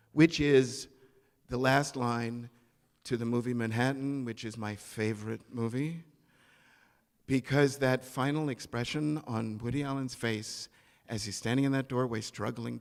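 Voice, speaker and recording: A man telling a story on stage at a live event, animated and comic, acting out the people in it. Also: medium pitch, vocal fry, big-room sound. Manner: animated, comic, acts out quoted voices.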